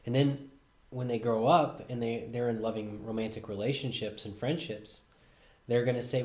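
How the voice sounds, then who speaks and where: A man hosting a reflective self-help talk, speaking calmly and letting his voice fall softly at the ends of phrases. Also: mid-range voice, moderate pace. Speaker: host. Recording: roomy echo.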